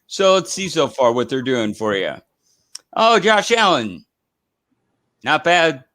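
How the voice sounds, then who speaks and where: A man's voice: mid-range voice, very animated, moderate pace, fairly bright tone, no room sound, rough recording. A man hosting a casual live stream, chatting in a rambling way with lots of fillers and restarts. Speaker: host.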